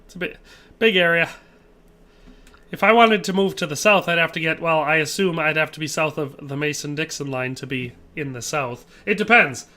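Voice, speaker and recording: A game streamer talks with his viewers in a relaxed, rambling way and answers their chat messages as he plays. His voice sits a little high for a man and has a bright, forceful edge. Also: normal speed. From Wisconsin, USA. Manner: chatty, reads viewer chat aloud and answers it. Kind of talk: casual live-stream chat while gaming.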